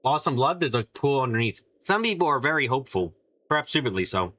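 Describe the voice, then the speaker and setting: A man playing a mystery game, reading the characters' lines aloud and giving several of them higher put-on voices. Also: big pitch swings, quick pace, sharp tone, no room sound. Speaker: let's play streamer.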